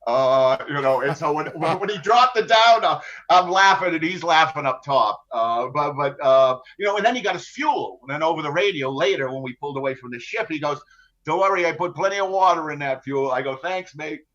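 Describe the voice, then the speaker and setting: An older man, a former ship captain, recounts his story in a podcast interview in a wry, halting way. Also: fairly high pitch, animated, fairly bright tone, muffled recording. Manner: wry, halting, full of restarts and laughs.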